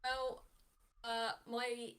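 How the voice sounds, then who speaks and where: A woman's voice: fairly high pitch, monotone, very slow, fairly bright tone. A woman playing a tabletop game, animatedly describing her character's actions and laughing often. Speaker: player.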